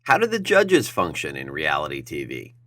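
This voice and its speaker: A man's voice: extremely low pitch, wildly swooping pitch, moderate pace, sharp tone. A man hosting a casual chat, asking short questions and agreeing easily. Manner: brief, agreeable prompts and questions. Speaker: host and interviewer.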